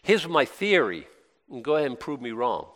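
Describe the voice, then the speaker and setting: A man preaching a conversational sermon, asking his listeners questions and breaking into excited bursts. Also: mid-range voice, normal speed. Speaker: pastor. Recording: long hall reverb.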